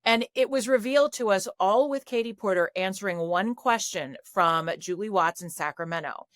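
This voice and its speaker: A woman guest on a political talk show, giving commentary in an animated, mocking way. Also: medium pitch, moderate pace, no room sound, studio quality.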